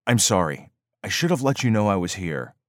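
A man's voice: fairly low pitch, sing-song, a little fast, no room sound. A nervous male newspaper reporter, played by a man narrating. He keeps apologizing in a slightly raised, anxious tone over a dry, close recording. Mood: apologetic. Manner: nervous, placating.

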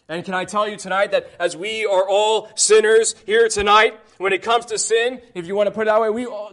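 A man's voice: sits high, fairly bright tone. A man preaching an impassioned evangelistic sermon, emphatic and reading scripture in old-fashioned wording.

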